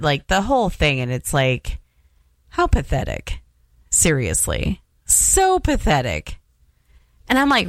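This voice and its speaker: A woman's voice: medium pitch, bright, forceful tone, no room sound. Ranting woman radio DJ. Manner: exasperated, ranting, sarcastic. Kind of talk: on-air radio monologue. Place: radio studio.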